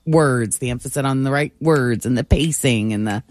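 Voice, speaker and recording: A man, a small business owner, chatting as a guest in a radio studio, animated and laughing often. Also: mid-range voice, normal speed. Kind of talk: casual studio chat.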